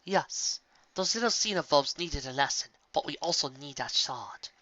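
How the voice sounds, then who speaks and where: A man's voice: a little high, lively intonation, moderate pace, bright, forceful tone, no echo. A man voicing a decisive young woman warrior in a fan-fiction reading, speaking firmly and plainly. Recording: dull lo-fi recording.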